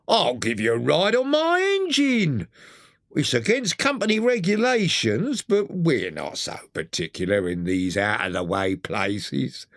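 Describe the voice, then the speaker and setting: A narrator voicing a kindly, plain-spoken male engine driver, steady and fatherly. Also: mid-range voice, measured pace, dry recording, studio quality. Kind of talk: audiobook character voice.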